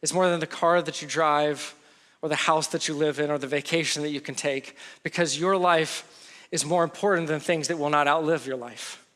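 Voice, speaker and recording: A man's voice: a little high, fairly even intonation, moderate pace, fairly bright tone. A man, a pastor with a young daughter, preaching a conversational sermon, mixing humor and acted-out quotes into his teaching.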